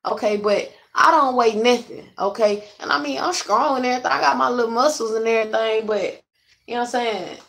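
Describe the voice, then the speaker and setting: A woman's voice: on the high side, fairly quick, creaky, fairly bright tone. A young adult woman venting to her viewers in a blunt, profane, rambling way. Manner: addresses viewers directly. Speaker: vlogger. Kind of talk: casual venting to camera.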